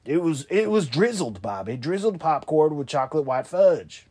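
A man hosting a comedy show, rambling and trading deadpan, profane insults in a one-sided phone call. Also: a little high, moderate pace, husky.

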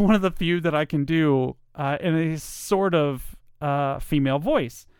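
Rambling American voice actor. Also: male voice, medium pitch, clear, resonant tone, dry recording, clean studio sound. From United States. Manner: rambling, self-deprecating. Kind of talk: casual chat.

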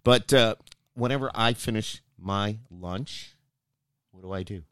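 A man's voice: on the low side, a little slow, fairly bright tone, clear, resonant tone, dry recording, studio quality. A man hosting a podcast, chatting casually and protesting playfully when teased by his co-hosts. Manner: playful, defensive teasing. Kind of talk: casual chat.

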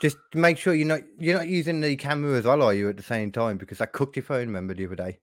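A man's voice: mid-range voice, fast, dry recording, studio quality. Easygoing man on a call. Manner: easygoing, laid-back with frequent fillers. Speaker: podcast host. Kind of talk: casual chat over a video call. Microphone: video call.

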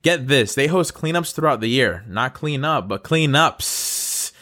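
A man from North Carolina hosts an upbeat good-news podcast, speaking to his listeners in an earnest, encouraging and affectionate way. His mid-range voice is expressive and fairly bright, at a moderate pace.

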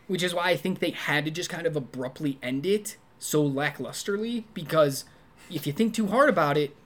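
Animated man reviewing a film casually. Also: moderate pace. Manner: animated, acts out quoted lines in high voices. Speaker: podcast co-host. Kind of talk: casual movie review chat.

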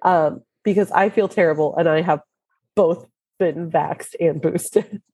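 Hoarse, laughing podcast woman. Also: on the low side, unhurried, mellow, no echo. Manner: laughs often, chatty storytelling. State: hoarse from illness. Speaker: podcast co-host. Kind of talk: casual chat.

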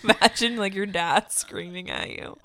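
A woman co-hosting a podcast, casually recapping a sitcom episode, animated and quick to laugh. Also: mid-range voice, noisy background. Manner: animated, laughs often, acts out character quotes. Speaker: podcast co-host.

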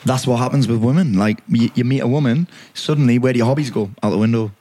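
A man talking as a podcast guest in casual chat, blunt and emphatic, swearing freely, with a husky voice. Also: medium pitch, fast talker, dark tone.

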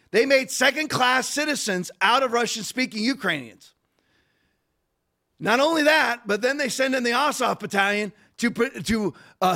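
Male podcast host, very high-pitched, bright pushy tone, rhetorical rants. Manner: rapid, digressive, rhetorical ranting. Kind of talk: political commentary.

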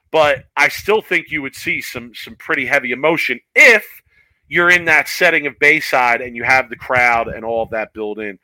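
A man co-hosting a casual sports talk show, excitable and quick to laugh, often saying "yo". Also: mid-range voice, no room sound, rough recording. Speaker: co-host of a bowling talk show.

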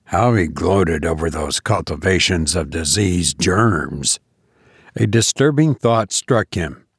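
Measured male storyteller, dry sound. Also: deep voice, animated, breathy edge, no echo. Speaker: narrator. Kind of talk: audiobook reading of a classic story.

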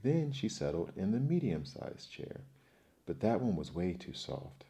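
Deep-voiced man reading a children's story. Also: sing-song, unhurried, vocal fry, warm tone.

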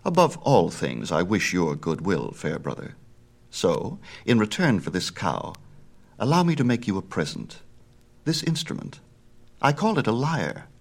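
A man's voice: on the low side, huge pitch swings, measured pace, creaky, heavily acted. A male reader voicing a clever, mischievous infant god who drives sly, mock-polite bargains in a storybook myth. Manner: impish, wheedling, mock-polite.

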